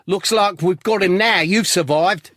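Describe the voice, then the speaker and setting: A man's voice: sits high, measured pace, a bit bright, dry recording, clean studio sound, voice pushed up. A man voicing a brash, matey male undercover cop with an Australian accent.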